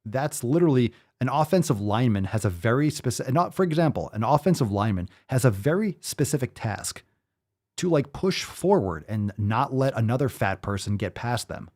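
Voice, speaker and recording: A male fitness host in full rant mode, swearing freely and firing off incredulous rhetorical questions. His pitch swings all over the place as he talks, sitting at an ordinary middle height. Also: animated, normal speed, darkish tone. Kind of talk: ranting commentary.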